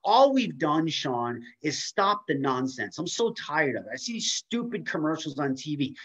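Casting: fired-up man with a higher voice, muffled video-call audio, motivational co-host. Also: moderate pace, few pauses, breathy edge. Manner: emphatic, animated, swears casually. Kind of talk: casual motivational talk.

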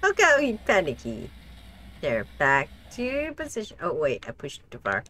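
A woman streaming a game, reacting out loud as she plays, talking to herself and laughing often. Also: sits low, huge pitch swings, normal speed. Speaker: gaming streamer. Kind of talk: casual let's play commentary.

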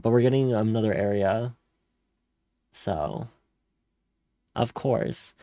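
Slow, rambling man streamer. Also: lowish voice, lively intonation, mellow, no echo, studio quality. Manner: rambling offhand reactions. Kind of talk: casual chat.

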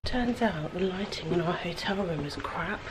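A travel vlogger walks busy city streets, chatting bubbly to her handheld camera and laughing often in this casual vlog. Her voice is fairly low and moves at a normal speed. Street noise and a crowd can be heard behind her.

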